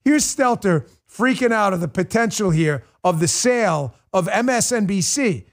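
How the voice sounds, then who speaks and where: High-voiced man ranting as talk host. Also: moderate pace. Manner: mocking, animated ranting with sarcastic impressions. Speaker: show host. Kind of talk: political talk show monologue.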